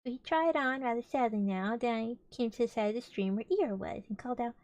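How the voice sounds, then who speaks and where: High-voiced young woman reading aloud playfully. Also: fairly quick, a little mellow, no room sound. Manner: playful, chatty asides. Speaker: vtuber streamer reading aloud. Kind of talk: casual storybook read-aloud with chat.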